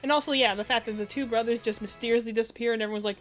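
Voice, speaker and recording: A woman's voice: a little high, steady tone, rapid-fire, few pauses, fairly bright tone, soft background music. A woman streaming a video game, chatting casually with a dry, sarcastic wit. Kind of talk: casual gameplay chat.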